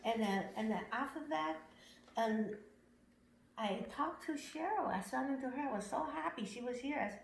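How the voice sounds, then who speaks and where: A woman from Washington state giving a casual testimonial about her camp visit. She talks in broken English, laughs often and gets excited easily. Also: a little high, normal speed, vocal fry. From Washington state, USA. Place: upstairs room at a camp. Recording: roomy echo, faint noise.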